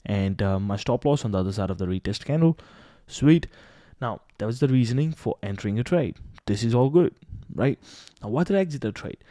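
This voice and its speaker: Candid, animated man reviewing trades. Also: on the low side, quick pace, no echo. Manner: candid, animated, swears casually, re-enacts his own thoughts. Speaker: day trading educator. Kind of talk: screen-recorded trade review.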